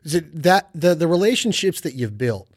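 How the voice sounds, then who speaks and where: A man's voice: a little high, sing-song, normal speed, slightly rough, no echo, clean studio sound. A man hosting a podcast, asking his guest questions in a chatty, admiring way. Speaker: podcast host. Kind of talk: casual interview.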